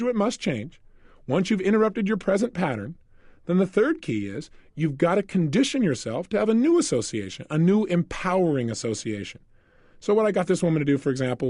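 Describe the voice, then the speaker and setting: Male motivational speaker, quick and lively, acts out his stories. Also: on the high side, no echo, clean studio sound. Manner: animated storyteller, acts out scenes. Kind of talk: motivational seminar talk.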